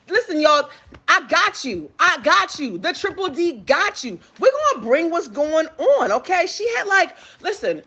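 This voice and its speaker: A woman with a high, bright voice hosts a livestream gossip show. She is bubbly and excitable, piles up repeated hype phrases for her listeners and chats casually into a phone mic. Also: muffled recording. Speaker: livestream talk show host. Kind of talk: energetic celebrity gossip chat.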